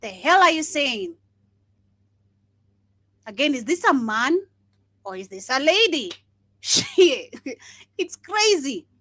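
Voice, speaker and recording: A woman's voice: high-pitched, bright, forceful tone, no echo. A young woman hosting a livestream, giving blunt, impassioned commentary, swearing often and laughing between points. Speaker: livestream host.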